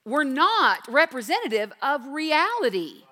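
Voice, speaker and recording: Woman, 50s, high bright voice, earnest devotional teacher, reverberant hall. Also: sing-song, unhurried. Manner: earnest, emphatic, swings from quiet to intense. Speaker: Bible teacher.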